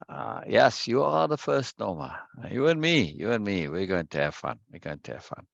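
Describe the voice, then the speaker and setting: Male study-group host, low gravelly voice, dry dull lo-fi sound, chatty and repetitive greeter. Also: sing-song, moderate pace, no room sound. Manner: repeats phrases, greets viewers one by one. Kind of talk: casual livestream chat before a reading session.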